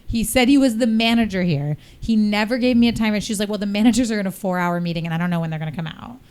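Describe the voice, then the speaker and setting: A woman's voice: mid-range voice, fast talker, darkish tone, clean tone. A woman co-hosting a podcast, telling a story in casual chat and laughing often as she goes. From New York. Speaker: podcast co-host.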